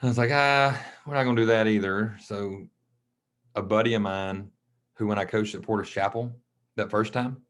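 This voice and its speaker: A man, a coach from Mississippi, telling his story in a casual interview, animated, acting out the voices of people he quotes. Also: on the low side, moderate pace. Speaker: guest, track and football coach. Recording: dull lo-fi podcast audio.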